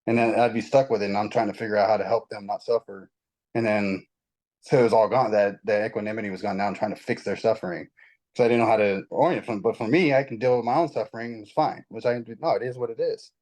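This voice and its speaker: A man in casual spiritual conversation, telling his story in a rambling, animated way with many restarts. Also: fairly low pitch, fast talker, low-quality recording. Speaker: guest.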